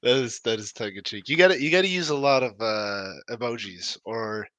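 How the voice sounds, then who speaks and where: Young male guest, jokey and halting, bright tone, dry close sound. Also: medium pitch, dry recording. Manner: joking, hesitant with fillers. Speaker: podcast guest. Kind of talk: casual chat.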